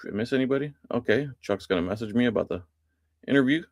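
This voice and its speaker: A man's voice: medium pitch, quick pace, no room sound. Dry-voiced male livestream host. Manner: relaxed, chatty, greets viewers and answers chat comments. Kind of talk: casual livestream chat.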